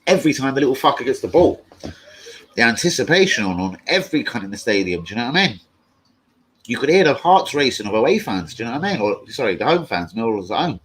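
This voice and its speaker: A young man chatting casually and excitably on a live stream, swearing freely as he reads chat. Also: mid-range voice, quick pace, slightly rough, low-quality recording. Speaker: fan channel live streamer.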